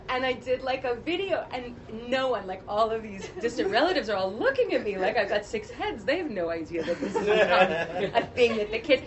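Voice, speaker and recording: A voice actress telling stories in an animated, laughing way during a casual convention interview. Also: female voice, on the high side, brisk, few pauses. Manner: animated, laughing often, acts out quotes. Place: convention media panel. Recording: noisy convention floor.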